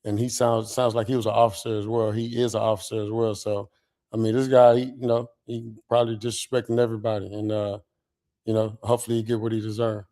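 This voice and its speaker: A man's voice: on the low side, level tone, quick pace, warm tone. A man co-hosting a radio show, reading a news story aloud and commenting casually with many fillers.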